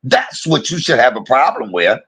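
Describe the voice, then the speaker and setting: A streamer rants to his viewers, his voice rough and a little husky. He talks confrontationally, swears constantly, and his pitch rises and falls a lot as he hammers his points again and again. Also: sing-song, normal speed, a bit bright. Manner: profane, confrontational, repeats himself. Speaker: live streamer. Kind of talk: heated livestream rant.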